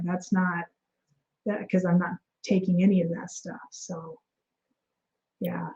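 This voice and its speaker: A woman guest in an interview, telling her story in a casual, animated way, acting out quoted dialogue with many fillers and restarts. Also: lowish voice, slow, pauses often, muffled recording.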